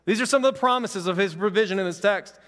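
A man delivering a sermon in a casual, conversational way, building fervor through repeated phrases. His voice sits high for a man. The sound carries a long reverb, like a large church sanctuary. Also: fast talker, fairly bright tone. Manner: conversational, fervent preaching with repetition. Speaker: pastor.

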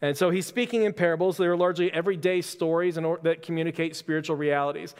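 A man's voice: on the high side, steady tone, quick pace, clean tone. A man preaching a casual sermon, telling stories with easy, self-deprecating humor. His slightly raised voice rings out through a hall with a long reverb tail. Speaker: pastor. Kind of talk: conversational sermon.

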